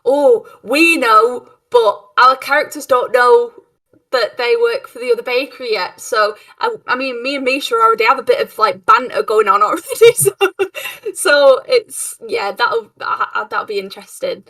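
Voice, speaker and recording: A woman's voice: fairly high pitch, expressive, normal speed, a bit bright, far from the mic. A woman with a Cockney accent, chatting casually and giggly as a tabletop game player. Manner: giggly, chatty, trails off and restarts. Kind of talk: casual chat.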